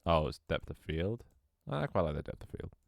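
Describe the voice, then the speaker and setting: A man's voice: low voice, sing-song, moderate pace, vocal fry, no room sound, studio quality. A man thinking aloud on a livestream as he builds a game level, muttering to himself, swearing often, joking with his chat, and his voice cracks now and then. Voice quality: voice cracks at times.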